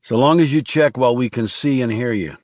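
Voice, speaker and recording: A man voicing a tense, guarded male government assassin in an audiobook, calm and firm. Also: mid-range voice, a little fast, no echo, clean studio sound, natural voice.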